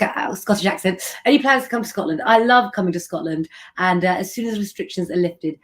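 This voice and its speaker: A woman's voice: fairly low pitch, a little fast. A middle-aged woman hosting a live stream, chatting affectionately with viewers and giving tarot readings.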